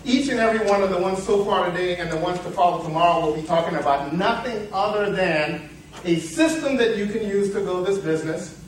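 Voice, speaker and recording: A man's voice: high voice, fairly quick, recorded from a distance, slight background noise. A man giving a motivational seminar talk, telling a parable in a rambling way with playful asides. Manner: rambling storyteller, self-interrupting, playful asides. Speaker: seminar speaker. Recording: echoey hall, picked up from afar.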